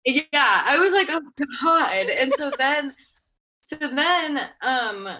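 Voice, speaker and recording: A young woman in her twenties tells a story in a bright, lively voice, her talk full of fillers, quick laughs and "oh my God". Her pitch sits a little high, and she sounds chatty and animated throughout. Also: a little hiss or hum. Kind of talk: casual storytelling.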